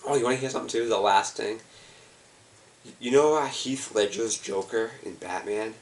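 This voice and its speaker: Worn-out man with a low gravelly voice. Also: normal speed, far from the mic. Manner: loose, profane, rambling with many fillers. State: exhausted. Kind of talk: rambling personal video monologue.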